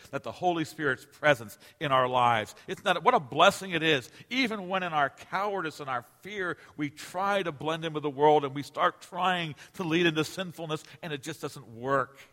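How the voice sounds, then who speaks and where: A man in his forties preaching a sermon as pastor, emphatic, swinging between loud declarations and hushed asides. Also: a little high. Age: 40s. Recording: long reverb of a large hall.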